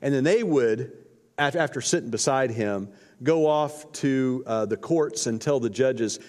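A man's voice: mid-range voice, a little slow, a little mellow. A man preaching a sermon, retelling scripture in a casual, slangy storytelling way. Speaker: pastor. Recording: long hall reverb.

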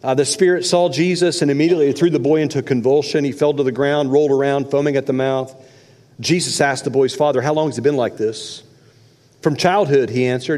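Animated preaching man, echoing hall. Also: a little high, fairly quick. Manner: animated, conversational preaching with sudden loud and soft swings. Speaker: pastor. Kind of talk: sermon.

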